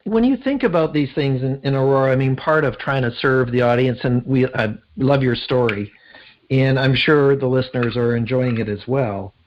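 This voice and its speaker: A man hosting a podcast, asking reflective questions in a measured way. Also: mid-range voice, highs cut off, a little hiss or hum. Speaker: podcast host. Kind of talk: podcast interview.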